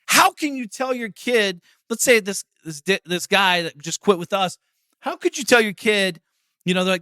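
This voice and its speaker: A man's voice: high-pitched, expressive, normal speed, sharp tone, no room sound, studio quality. A man in his forties hosting a podcast, giving a blunt, profane motivational monologue. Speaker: podcast host.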